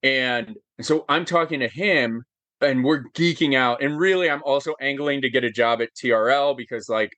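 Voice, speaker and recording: A man in his forties, an interview guest, telling a personal story with lots of fillers, animated and getting choked up as he goes. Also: mid-range voice, moderate pace, dry recording. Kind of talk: emotional storytelling in conversation.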